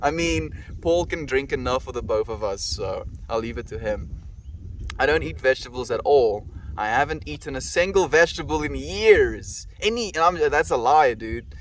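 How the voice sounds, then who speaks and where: A man's voice: medium pitch, lively intonation, moderate pace, far from the mic, a little hiss or hum. A man with a South African accent, livestreaming and casually reading out and answering viewers' comments by name.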